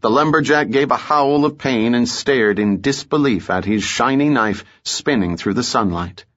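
A man narrating a story in a measured, even way, in a muffled audiobook recording. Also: mid-range voice. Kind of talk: scripted narration.

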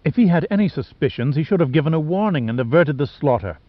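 A man's voice: medium pitch, lively intonation, a little fast, no room sound, natural voice. A defiant woman, angry and afraid, snapping out her lines, as a male narrator reads her. The sound is dry and somewhat dull. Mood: outraged. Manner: snapping, outraged. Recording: dull lo-fi audiobook recording.

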